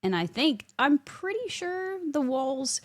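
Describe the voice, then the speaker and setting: Animated woman telling a story. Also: high voice, slow pace. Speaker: podcast co-host. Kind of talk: casual chat.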